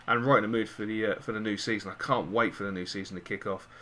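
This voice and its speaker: A gaming-channel host commentates live on a football video game, excitedly cheering and cursing at his players. His voice is lowish and he talks fast, with a little hiss or hum in the audio.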